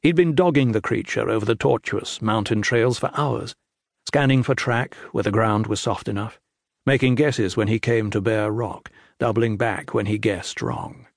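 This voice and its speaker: A man narrating an epic fantasy audiobook in a measured, grave manner. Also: lowish voice, gravelly, no echo, studio quality. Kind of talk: scripted narration.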